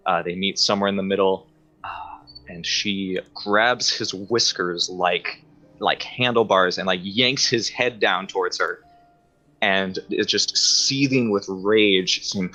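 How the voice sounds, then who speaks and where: A man narrating a tabletop game as game master, halting with many fillers. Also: sits low, pushed and bright. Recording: slightly dull audio with faint music.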